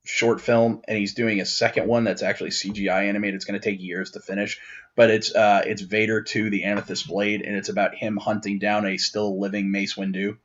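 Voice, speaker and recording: A man's voice: on the low side, fairly quick, dull audio. Rambling man co-hosting a nerd podcast. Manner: rambling, many restarts and fillers, excitable when riled. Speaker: podcast co-host. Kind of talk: casual chat.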